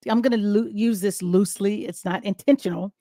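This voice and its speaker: A middle-aged woman hosts a live-streamed show from home, talking straight into a close webcam. Her delivery is chatty and loose, full of restarts and laughter, at an ordinary pitch for a woman. The sound is dry, with no room echo. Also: fairly even intonation, brisk, warm tone. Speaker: host. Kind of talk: casual live-stream chat. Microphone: webcam close to face.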